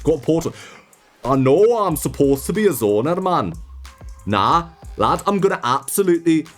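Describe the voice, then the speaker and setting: A man's voice: a little high, big pitch swings, normal speed, faint music behind. A man voicing a brash, cocky male fighter who taunts, in a mock Scottish accent. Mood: taunting. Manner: swaggering, taunting.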